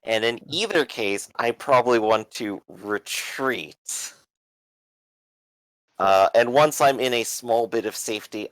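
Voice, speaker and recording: A man playing a tabletop game, planning his moves in a measured, deliberate way. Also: fairly low pitch, no room sound, rough recording. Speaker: player. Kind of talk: tabletop game play over voice chat.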